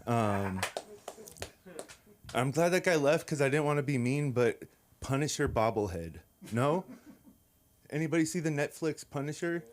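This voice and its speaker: A man doing an open-mic stand-up set in a hesitant, halting way with frequent fillers. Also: on the high side, lively intonation. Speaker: stand-up comic. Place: comedy club stage.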